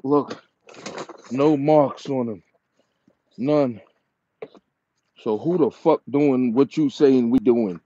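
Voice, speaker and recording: A man ranting to the camera about his dogs, repeating insults in a slow, taunting manner. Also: medium pitch, mellow. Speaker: dog breeder and channel owner. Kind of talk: angry rant to camera. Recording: dull lo-fi sound with faint noise.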